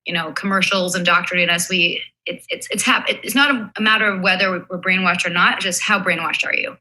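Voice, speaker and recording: A woman's voice: lowish voice, brisk, bright, forceful tone, low-quality recording. A woman on a podcast, explaining her views thoughtfully and carefully. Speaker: podcast guest. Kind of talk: reflective podcast talk.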